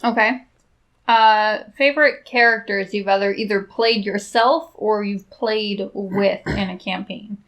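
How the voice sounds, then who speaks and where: A woman co-hosting a podcast in casual chat, animated and swearing freely. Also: mid-range voice, measured pace. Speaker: podcast co-host.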